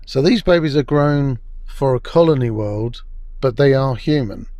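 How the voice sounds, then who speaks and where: A man's voice: medium pitch, normal speed, mellow, dry recording. A man giving a sarcastic, scornful spoken review of a TV episode, swearing freely. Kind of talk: ranting video review commentary.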